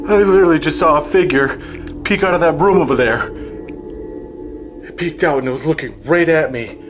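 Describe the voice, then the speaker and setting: A man's voice: a little high, fairly quick, long pauses, over music. A man investigating a haunted house, calling out to spirits and reacting with startled swearing. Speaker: paranormal investigator. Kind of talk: ghost-hunting video.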